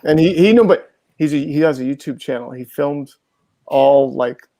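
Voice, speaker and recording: A man's voice: a little high, moderate pace, warm tone, dry recording. A man in a casual group discussion, rambling with many fillers and an amused tone. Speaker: panel guest.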